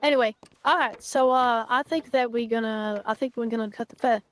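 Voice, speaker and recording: Upbeat woman, higher voice. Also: fairly even intonation, fairly quick. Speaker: roleplayer, leader of another group. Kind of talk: in-character roleplay chat.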